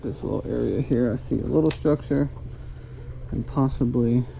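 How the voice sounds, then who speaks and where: A man's voice: medium pitch, moderate pace, gravelly, slight background noise. A man vlogging a fishing trip from a boat on a lake, chatting to himself and the fish. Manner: talks to himself and the fish, thrilled shouting once hooked. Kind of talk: casual fishing vlog commentary. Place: on a boat on a big lake, outdoors.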